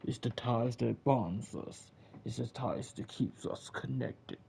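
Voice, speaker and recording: A man imitating a menacing male agent from a film, slow and formal, in a lo-fi home recording. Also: mid-range voice, vocal fry. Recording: dull lo-fi with faint hiss.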